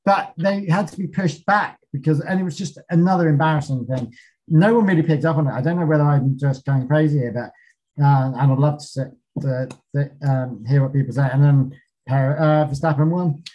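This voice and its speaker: A man with a slightly raised pitch recaps a race for a podcast. He speaks in clipped fragments, fills the gaps with ums, and swears without a second thought. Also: a little fast, dark tone, lo-fi sound. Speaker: podcast co-host. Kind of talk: casual race recap from notes.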